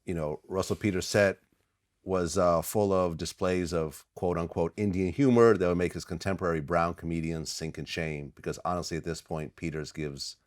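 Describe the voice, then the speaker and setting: A man hosting an interview, reading from his notes in a halting way with many fillers. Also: low voice, fairly even intonation, dry recording, clean studio sound. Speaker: interview host. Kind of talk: interview questions.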